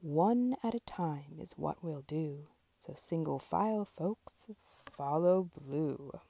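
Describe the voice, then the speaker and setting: A woman voicing a male mayor making a short speech in a storybook, in a hushed voice. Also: sits low, lively intonation, slow, gravelly, dry recording, pitched below the performer's own voice, heavily acted. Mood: grateful. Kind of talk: storybook read-aloud.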